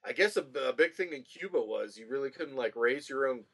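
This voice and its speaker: A man co-hosting a podcast in casual chat, animated and emphatic. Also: mid-range voice, brisk, slightly rough. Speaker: podcast co-host.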